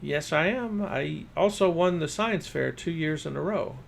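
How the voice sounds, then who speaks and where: A man's voice: a little high, animated, unhurried, gravelly, slight background noise, voice pushed up, heavily acted. A man voicing a formal, brainy new boy who talks about science with precise wording.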